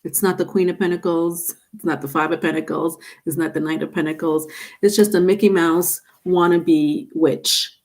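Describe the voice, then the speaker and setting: A woman's voice: fairly low pitch, steady tone, moderate pace, darkish tone. A woman giving a live-stream tarot reading, chatting with viewers and calling them by name. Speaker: tarot reader.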